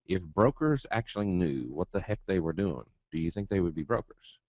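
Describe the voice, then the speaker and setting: A man giving a trading webinar in a casual, blunt, folksy way, talking to his audience and acting out quick asides. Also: sits low, animated, a little mellow, dry recording.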